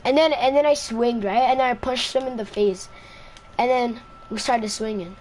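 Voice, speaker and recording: Rambling high-voiced woman telling a story. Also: steady tone, normal speed, darkish tone, a little hiss or hum. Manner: rambling, repeats itself, says "right?" often. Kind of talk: casual storytime. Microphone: own mic close to the face.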